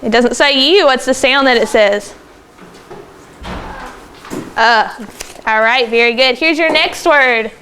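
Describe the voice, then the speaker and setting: A woman teaching a second grade phonics lesson in a classroom, brisk and encouraging as she calls on pupils by name. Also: sits high, sharp tone, slight background noise. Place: classroom with children.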